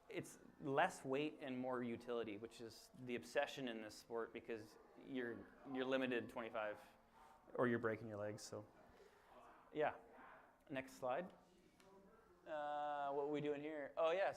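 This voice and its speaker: Guy telling a trip story at a slide talk, laughy and rambling, kinda high voice. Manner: chatty, laughs often, with fillers and restarts; gets loud and high when acting out the story. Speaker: presenter at a club slide talk.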